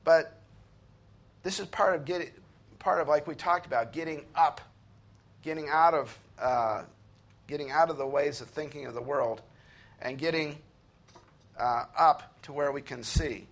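A man's voice: a little high, a bit bright. Earnest man preaching a sermon. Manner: earnest preaching, slows and rises to read scripture. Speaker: pastor.

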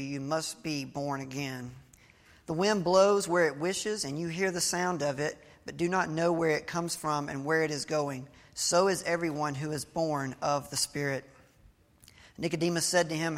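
A male pastor with a slightly bright voice on the high side gives a sermon at a moderate pace, recorded with long hall reverb. He reads scripture and tells a story in a conversational preaching style, with small restarts.

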